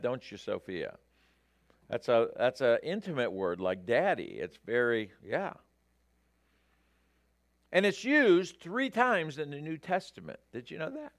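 A man delivers a sermon at an unhurried pace, his voice rising and falling with lively expression. He speaks straight to his listeners and builds to emphatic peaks. The sound is dry and close. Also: mid-range voice, no room sound. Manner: animated, rising to emphatic peaks, addresses audience directly. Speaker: preacher.

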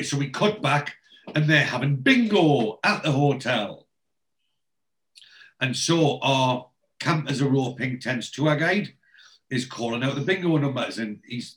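A man's voice: medium pitch, expressive, unhurried, a bit bright. A man with a rambling, chatty manner, casually recapping a TV episode as a podcast co-host.

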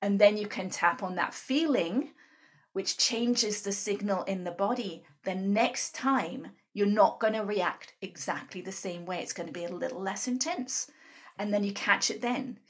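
A woman's voice: medium pitch, unhurried. Earnest woman who keeps adding "right?". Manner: earnest, often adds "right?". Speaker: guest speaker on emotional tapping. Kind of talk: explanatory interview talk.

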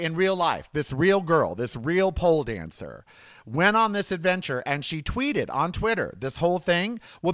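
A man's voice: a little high, fairly bright tone, dry recording. A man hosting his podcast in a campy, rambling comedic monologue. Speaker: podcast host.

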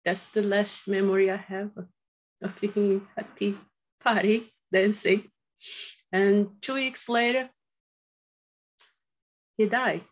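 A woman guest telling personal stories in a halting, reflective way, repeating phrases, with non-native grammar. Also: mid-range voice, steady tone, lo-fi sound. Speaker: podcast guest. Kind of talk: emotional personal storytelling.

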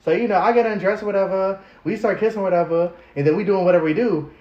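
A young man co-hosting a podcast, telling a story in animated, slangy casual chat. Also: high voice, quick pace. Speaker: podcast co-host. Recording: crunchy lo-fi roomy audio.

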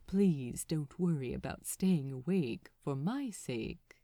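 Gentle, proper male angel, low and reassuring, slow and careful, as a woman reader puts him on. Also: lively intonation, no echo, studio quality, full character voice.

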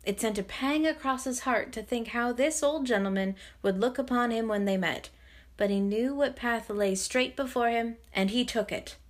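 A woman narrating a classic novel as an audiobook, in a measured, expressive storytelling manner. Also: fairly high pitch.

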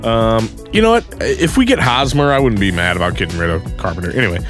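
Playful co-host, lively pitch, reading listener questions over faint music. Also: male voice, fast talker. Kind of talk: casual sports talk show.

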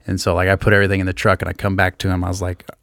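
A man's voice: low voice, monotone, rapid-fire, vocal fry, a bit bright, no room sound, studio quality. A man in casual chat, telling stories bluntly with plenty of swearing. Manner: blunt, profane storytelling.

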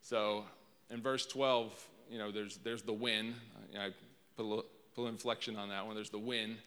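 A man's voice: on the low side, level tone, brisk, a bit bright. A man preaching a conversational sermon in a casual way, often repeating words as he restarts. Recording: long hall reverb.

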